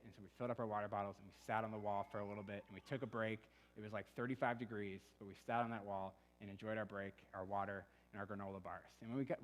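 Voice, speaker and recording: Conversational pastor preaching in a church hall. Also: male voice, fairly low pitch. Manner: storytelling, conversational, acts out quoted voices. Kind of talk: sermon. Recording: long reverb of a church hall.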